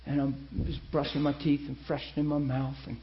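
A man preaching a personal testimony to a class, animated and emphatic, swinging between loud and hushed. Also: medium pitch, brisk. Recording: dull lo-fi recording.

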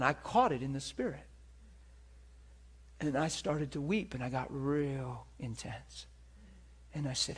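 A man preaching a sermon, moving between hushed, whispered moments and loud, impassioned stretches. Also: medium pitch, unhurried, long pauses, slightly rough.

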